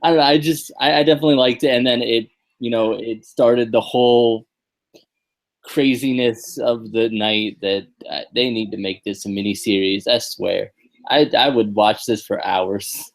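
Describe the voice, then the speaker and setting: A man's voice: medium pitch, fairly even intonation, moderate pace, gravelly, rough recording. A man co-hosting a podcast, chatting casually about a wrestling show in a rambling, hesitant way. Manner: rambling, hesitant, many restarts and fillers. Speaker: podcast co-host.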